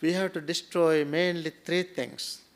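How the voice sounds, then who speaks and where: Monk guy preaching real slow, kinda high voice, throws in "hmm?" a lot. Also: steady tone. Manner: slow, repetitive teaching with rhetorical questions and tag "hmm?". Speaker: Buddhist monk giving a Dhamma talk. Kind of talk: sermon.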